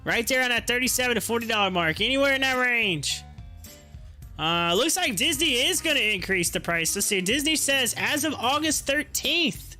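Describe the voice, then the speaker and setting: A man's voice: very high voice, bright, forceful tone. A man hosting a stock market live stream, chatting casually, rambling, teasing his viewers and laughing often. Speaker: stock market livestream host.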